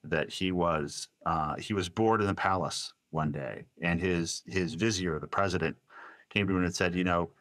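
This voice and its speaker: A man telling a long story as a podcast guest, animated and quoting voices, with many restarts. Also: low-pitched, normal speed, no room sound. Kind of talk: storytelling in a casual interview.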